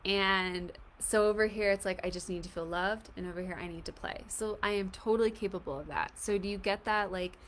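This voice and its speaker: A woman coaching an emotional tapping exercise in a gentle, reassuring, casual way, often saying "like". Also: mid-range voice, fast, hardly any pauses, slight background noise. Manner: casual, fills speech with "like". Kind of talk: guided tapping session.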